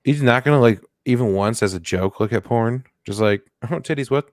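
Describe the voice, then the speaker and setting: A man co-hosting a comedy news podcast in casual chat, jokey and goofy with animated bursts. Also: fairly low pitch, a little fast, no echo, clean studio sound. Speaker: podcast co-host.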